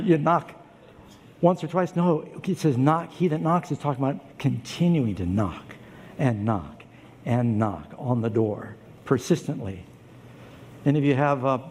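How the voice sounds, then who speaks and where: Male pastor, sermon delivery, animated storyteller, mellow tone, long hall reverb. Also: slight background noise. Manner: animated storytelling, acts out voices, pitch jumps up for emphasis.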